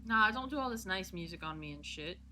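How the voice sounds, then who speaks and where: A woman's voice: medium pitch, animated, brisk, pushed and bright, soft background music. A woman streamer commenting on a game she is playing live, swearing freely and reacting to the characters.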